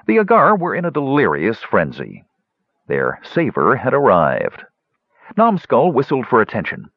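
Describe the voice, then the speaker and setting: A man narrating a fantasy audiobook in an expressive storytelling manner. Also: mid-range voice, unhurried, slightly rough, no echo, highs cut off.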